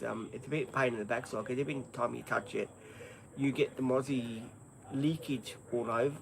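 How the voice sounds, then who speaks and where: Australian man, gravelly voice, rambling casual stream host, loud insect noise outdoors. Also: medium pitch. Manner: rambling, easygoing, many ums. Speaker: livestream host. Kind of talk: casual live stream chat.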